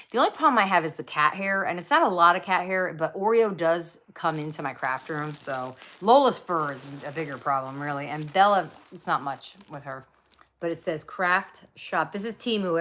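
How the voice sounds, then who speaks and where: Low-voiced chatty woman vlogging a craft haul. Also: a bit bright, a little hiss or hum. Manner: chatty, rambling, lots of fillers and side stories. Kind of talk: casual rambling haul vlog. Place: home craft room.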